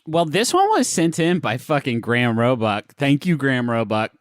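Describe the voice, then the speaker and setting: A man reads an advice article aloud on a comedy podcast. His voice is lively and mid-pitched, swinging up and down as he jokes. The sound is close and dry, with no room echo. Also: moderate pace. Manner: animated, jokey, swings between high and low pitch while reading aloud. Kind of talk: casual comedic podcast banter.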